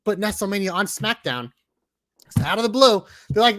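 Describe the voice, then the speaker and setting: A man's voice: sits high, animated, measured pace, pauses often, fairly bright tone, dry recording. A man co-hosting a casual wrestling podcast, ranting animatedly and swearing freely. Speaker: podcast co-host.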